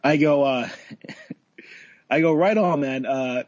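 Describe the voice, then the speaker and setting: A man, a bartender, casually telling a work story, animated, swearing and acting out what people said, with laughs. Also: a little high, takes it slowly, no echo, dull audio. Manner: animated, swearing, laughs often, acts out quotes.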